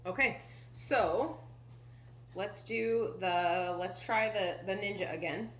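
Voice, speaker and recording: A woman's voice: mid-range voice, slow pace. A woman co-hosting a casual cooking demonstration, explaining things in a chatty way with frequent fillers. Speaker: cooking show co-host. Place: home kitchen. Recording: echoey kitchen with background noise.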